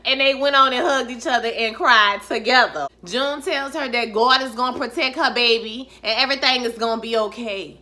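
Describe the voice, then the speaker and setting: Brief: woman vlogger, bright, forward voice, chatty and salty recap talk. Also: on the high side, moderate pace, few pauses. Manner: chatty, animated, profane, addresses viewers as honey and child. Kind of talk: casual spoken recap.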